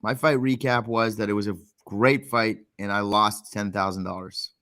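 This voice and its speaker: A man co-hosting a podcast, telling a rambling story in casual chat with animated bursts and casual swearing. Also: lowish voice, moderate pace. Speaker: podcast co-host.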